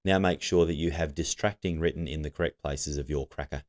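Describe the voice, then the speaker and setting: A man's voice: rumbling low, fairly even intonation, fairly quick. A man teaching a recorded literacy lesson, giving patient step-by-step instructions to students.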